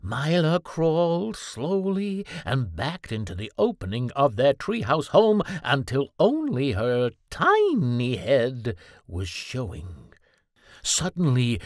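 Woman narrator for a kids' storybook, very slow and very animated, dry close sound. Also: deep voice, dry recording. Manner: slow, gentle, very expressive reading. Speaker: storybook reader.

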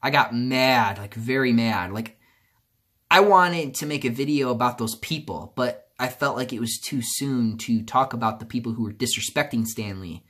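A man's voice: medium pitch, moderate pace. Rambling young man venting on a vlog. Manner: rambling, many restarts and fillers, swings from subdued to loud outbursts. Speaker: YouTuber. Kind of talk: casual vlog monologue.

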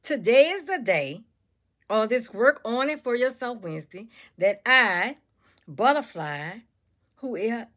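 A woman's voice: on the high side, animated, unhurried, fairly bright tone. Woman, motivational speaker, preachy repetition. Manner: preachy, repetitive, calls listeners baby and y'all. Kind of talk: motivational talk to camera.

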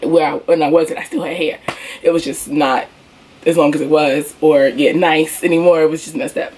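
A young woman getting over a cold, telling her hair story in a casual, animated vlog and speaking to viewers as y'all. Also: low-pitched, normal speed, slight background noise. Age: young adult. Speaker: beauty vlogger.

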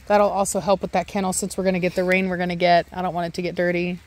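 A woman dog breeder chatting casually in a vlog, rambling with many ums and restarts and snapping out sharp commands to her dogs. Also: on the low side, completely flat delivery, rapid-fire. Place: kennel area with several dogs. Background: dogs barking and moving.

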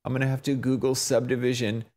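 A man talking through a software tutorial, thinking aloud, fumbling and poking fun at himself. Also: mid-range voice, flat delivery, fast talker. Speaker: tutorial maker. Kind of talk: unscripted screen-recorded tutorial.

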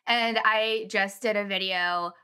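Bright, emphatic woman in casual chat. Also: mid-range voice, steady tone, slow pace, a little hiss or hum. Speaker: panel guest.

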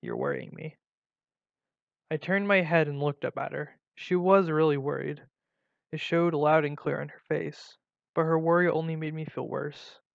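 A man reading a first-person story aloud in a plain, steady way, with small slips and restarts. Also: on the high side, moderate pace, vocal fry, dry recording. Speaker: story reader. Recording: dull lo-fi recording.

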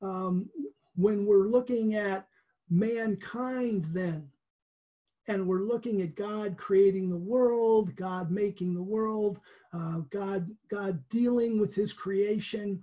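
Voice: mid-range voice, warm tone. A Bible teacher giving a conversational lesson, explaining patiently with chuckles and frequent restarts.

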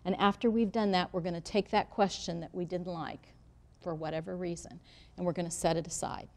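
A middle-aged woman leads a Bible study for women gathered in a church room. Her voice sits a little low, and she speaks directly to the room in a plain, reassuring way. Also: fairly even intonation, fairly quick, vocal fry. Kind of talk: teaching talk to a live group.

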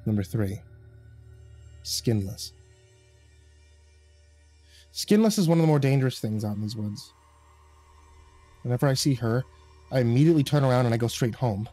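Mellow, husky man narrating horror. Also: mid-range voice, expressive, fast, soft background music.

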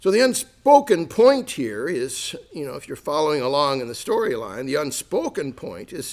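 A pastor preaches in a church sanctuary at normal speed, his voice on the high side. He's lively and full of jokes, acting out sarcastic asides and laughing.

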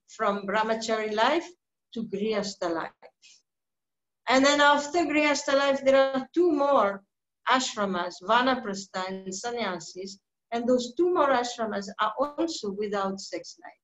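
A woman giving a slow, deliberate scripture class, pausing often with soft fillers. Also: a little high. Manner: slow, deliberate teaching with many pauses and fillers. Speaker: spiritual teacher. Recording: dull lo-fi recording.

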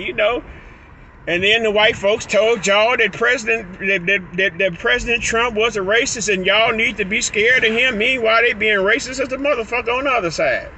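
A man's voice: high-pitched, bright, forceful tone, a little hiss or hum, rough recording. A man talking to his phone camera while driving, rambling with stuttered restarts and laughing asides. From Illinois. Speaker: vlogger. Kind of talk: casual vlog monologue. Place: in a car, driving.

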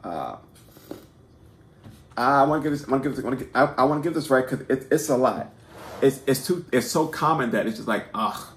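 With slight background noise and an echoey room around him, a man hosts a relaxed, unscripted poetry lesson on video. His mid-range voice is expressive, at normal speed with frequent pauses, and he's self-deprecating and informal, with restarts, repeated words and many "right?" check-ins.

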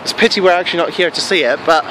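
A man chatting casually in a travel vlog, excitable and full of fillers, filming himself indoors and then outdoors on a handheld camera. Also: fairly high pitch, racing, a little hiss or hum. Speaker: travel vlogger. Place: hotel room, then outdoors at a castle.

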